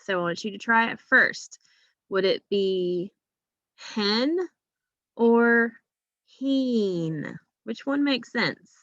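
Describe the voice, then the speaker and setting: A woman's voice: on the high side, a little slow, a bit bright, no room sound, lo-fi sound. A woman teacher giving a phonics lesson to young children, patient and drawing out each sound.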